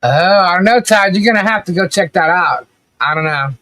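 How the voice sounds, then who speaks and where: A woman's voice: lowish voice, animated, fairly quick, sharp tone, no echo. A middle-aged woman hosting a casual live stream, chatting animatedly and laughing often as she reacts to viewer comments. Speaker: livestream commentary host.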